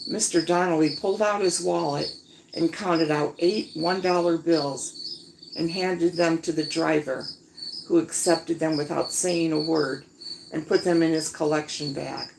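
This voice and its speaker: Woman, storyteller, low pitch, gravelly, faint crickets, outdoor night. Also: a little slow, slight background noise, rough recording. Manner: relaxed, chatting to listeners between passages. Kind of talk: reading a story aloud at night. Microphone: phone propped on a chair. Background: crickets and insects.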